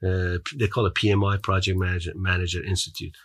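A man's voice: low-pitched, little pitch movement, fast talker, no room sound. Earnest man with an accent. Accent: foreign accent. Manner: earnest, motivational, with restarts. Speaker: podcast guest. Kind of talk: storytelling in an interview.

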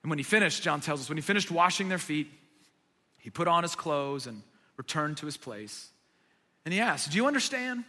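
A male pastor preaching with dramatic storytelling, his voice rising and then dropping almost to a whisper. His tone is high and bright. Long reverb from a large church hall follows each phrase. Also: normal speed, long pauses. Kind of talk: sermon.

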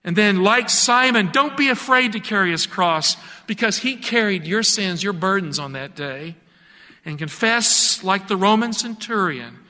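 A high-pitched man delivers an impassioned sermon. His bright, ringing tone swells into emphatic calls and then drops to near-hushed reflection. A long reverb trails behind his voice. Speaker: preacher. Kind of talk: radio sermon.

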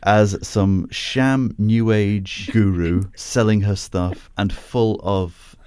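A man's voice: lowish voice, fairly even intonation, slow, darkish tone, smooth, no room sound. A man hosting a film review podcast, chatting casually and laughing often as he talks. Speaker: podcast host.

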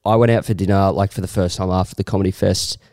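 A man's voice: low voice, fairly even intonation, fast, darkish tone. A young Australian man in his twenties co-hosting a podcast, laid-back with short replies and blunt opinions. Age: 20s. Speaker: podcast co-host. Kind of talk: casual chat.

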